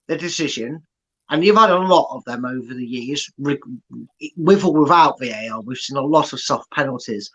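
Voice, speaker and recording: Rambling analytical football fan. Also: male voice, a little high, a bit bright, rough recording. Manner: rambling, many restarts, analytical. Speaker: fan channel co-host. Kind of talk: live watchalong commentary.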